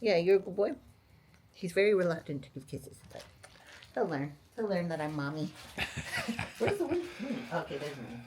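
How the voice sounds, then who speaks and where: A young woman vlogger chatting casually, excitable, laughing often and gushing over her pets. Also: on the low side, moderate pace, pauses often, noisy background. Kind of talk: casual vlog chat.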